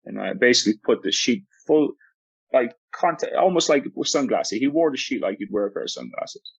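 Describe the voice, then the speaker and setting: A man's voice: medium pitch, animated, fairly quick, vocal fry, breathy edge, no echo. A man who works as a basketball coach explains a coaching method on a podcast in an earnest way, often restarting and repeating words. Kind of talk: podcast interview, telling a coaching story. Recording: dull, lo-fi, dry sound.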